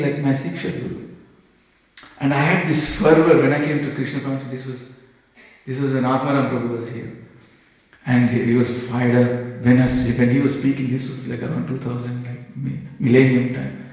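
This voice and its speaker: A man's voice: medium pitch, normal speed. A man giving a storytelling sermon in a temple, acting out the voices in his stories as he goes. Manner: animated storytelling, acts out quoted dialogue. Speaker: speaker giving a class. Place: temple hall. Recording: echoey temple hall with long reverb.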